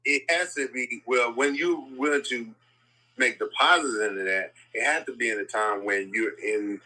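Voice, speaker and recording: A man's voice: mid-range voice, moderate pace, sharp tone, low-quality recording. A man co-hosting a casual conversation, thinking aloud and repeating words while he searches for them. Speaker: podcast co-host.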